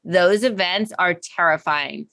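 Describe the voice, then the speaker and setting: A woman working as a professional dog trainer, giving advice in an animated, casual chat and acting out little scenes as she explains. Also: lowish voice, unhurried, gravelly, no room sound.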